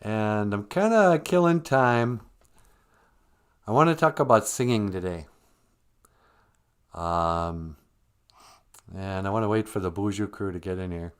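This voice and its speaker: A man's voice: on the low side, measured pace, long pauses, smooth. A man hosting a livestream, chatting casually from home in a rambling, joking way. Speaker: livestream host. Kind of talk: casual chat.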